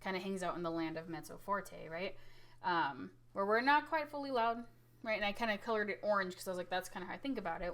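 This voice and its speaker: Woman teacher explaining music stuff, super animated, keeps saying right?, voice goes loud then tiny. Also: medium pitch. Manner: animated, demonstrates loud and soft with her voice, says "right?" often. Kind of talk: casual recorded lesson.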